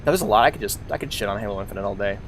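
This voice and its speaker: A man's voice: on the low side, rapid-fire, slight background noise. A young adult man streaming a game, ranting casually and animatedly, swearing and laughing often. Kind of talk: casual rant while gaming.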